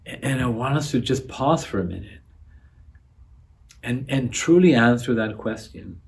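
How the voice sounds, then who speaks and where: A man's voice: lively intonation, a little slow, vocal fry. A man preaching with rising emphasis. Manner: builds to loud emphatic appeals, drops low on key phrases; repeats words and restarts phrases. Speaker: pastor. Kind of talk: sermon.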